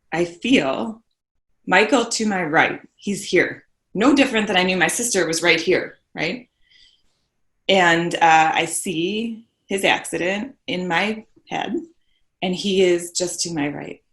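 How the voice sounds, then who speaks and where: A woman's voice: fairly low pitch, a bit bright. Earnest woman telling a painful story. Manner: earnest, tags points with "right?". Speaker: podcast guest. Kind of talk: emotional personal storytelling. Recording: roomy echo.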